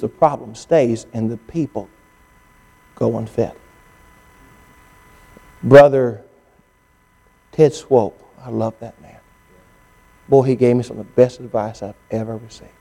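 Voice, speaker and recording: A male pastor preaching a sermon, telling stories and acting out what others said to him, often rising to an excited, strained pitch. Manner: storytelling preacher, climbing to high excited pitch when quoting others.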